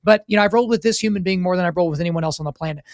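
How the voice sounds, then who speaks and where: A male podcast host with a high voice who tells stories quickly and acts out the people he quotes. He keeps the talk moving in a relaxed interview. His voice is recorded close and dry. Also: no echo. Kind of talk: casual interview chat.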